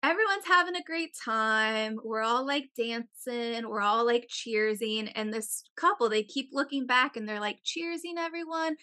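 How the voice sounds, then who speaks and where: A young adult woman telling a long story in casual chat, animated and profane, with many "like"s. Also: a little high, moderate pace, few pauses.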